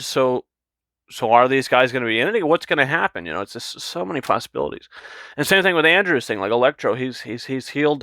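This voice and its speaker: Man, film reviewer, casual rambling chat, bright forceful tone, dry close sound. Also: medium pitch, no room sound. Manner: excited, rambling, repeats words.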